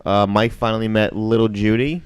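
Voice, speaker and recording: A man's voice: on the low side, steady tone, normal speed, clean tone, no echo. A New man in his thirties co-hosting a casual podcast. He rambles with restarts and makes fun of himself, swearing freely. His voice is close and dry. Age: 30s. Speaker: podcast co-host.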